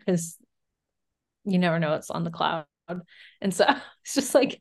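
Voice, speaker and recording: A woman's voice: on the low side, fairly quick, vocal fry. A woman co-hosting a podcast in casual chat, talkative, swearing freely and laughing often. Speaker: podcast co-host. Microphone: remote call recording.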